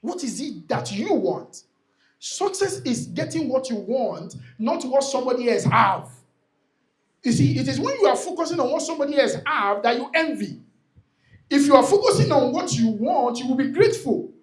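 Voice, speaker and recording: At a real estate event, a man with a very high-pitched voice and wide pitch swings gives a motivational talk at normal speed to a live audience in an event hall. He is emphatic and repetitive, often calling out to the crowd.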